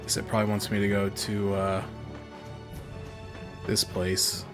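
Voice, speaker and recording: A young man streaming a game, giving casual, rambling commentary with dark jokes. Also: lowish voice, monotone, unhurried, music in the background. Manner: joking, rambling, dark humor.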